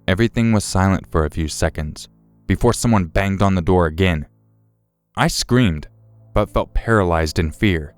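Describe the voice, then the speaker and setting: A man narrating true horror stories in a steady, measured, scripted read. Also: deep voice, smooth, no echo, faint music behind. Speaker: story narrator.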